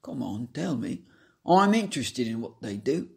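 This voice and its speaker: A man's voice: mid-range voice, sing-song, normal speed, creaky. A man voicing a nosy Cockney man with a teasing, prying manner, in a Cockney accent.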